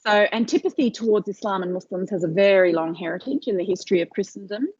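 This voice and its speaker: A woman's voice: mid-range voice, quick pace, a little mellow, breathy edge, no room sound. A woman giving an academic seminar talk over a video call, hesitant, with many fillers and restarts. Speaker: lecturer. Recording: dull lo-fi video call audio.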